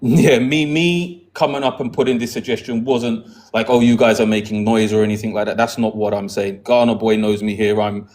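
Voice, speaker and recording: A man with a British accent, raised in the UK, answers in a measured, conciliatory way. His voice sits slightly low, and he often stammers as he starts a sentence. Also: steady tone, a little mellow. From United Kingdom. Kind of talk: conversational debate.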